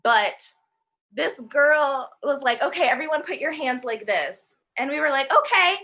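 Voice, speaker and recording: A young woman in her twenties, speaking as a guest on a talk show panel. Her voice sits a little high and sounds bright and forceful. She tells her story casually and slips into the voices of the people she quotes. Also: moderate pace. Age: 20s. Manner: animated, acts out quoted voices.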